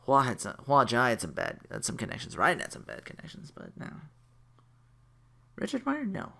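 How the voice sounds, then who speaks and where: A man's voice: medium pitch, huge pitch swings, moderate pace, creaky, sharp tone. A man giving a casual, rambling, jokey anime review, correcting himself and laughing as he goes.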